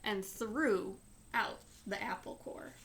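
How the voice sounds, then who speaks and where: A woman reading a children's chapter book aloud in a slow, clear storytelling manner. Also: mid-range voice, a bit bright.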